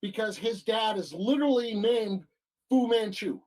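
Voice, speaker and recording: Lively, hesitant man chatting comics. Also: sits high, normal speed, low-quality recording. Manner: hesitant, lots of ums. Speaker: podcast co-host. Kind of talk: casual comic-book chat.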